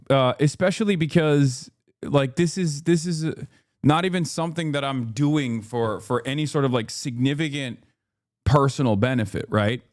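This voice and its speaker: A man's voice: mid-range voice, dry recording, clean studio sound. A man from the United States streaming live, ranting in a profane, exasperated way with lots of fillers and restarts. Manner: rapid run-on talk with many fillers and restarts.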